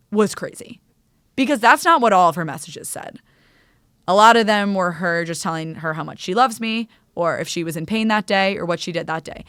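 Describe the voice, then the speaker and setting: A chatty woman podcast host telling a personal story, animated and full of casual fillers. Her voice sits a bit low for a woman and sounds smooth and clear, recorded close with a dry, roomless sound. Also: moderate pace, dry recording.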